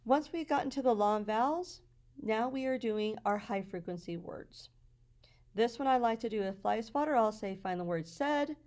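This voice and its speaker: A woman's voice: a little high, a little mellow. Woman teacher walking through slides. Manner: patient, explanatory, sounds out words slowly. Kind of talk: walkthrough of classroom slides.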